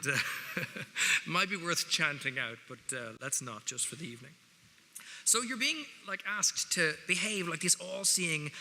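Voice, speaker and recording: A wry Irish man speaks to a hall of students, his voice very bright and a little high. His talk is conversational and full of jokey asides. The long reverb of a large hall trails each phrase. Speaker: guest speaker. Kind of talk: public speech to students. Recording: reverberant hall, faint noise.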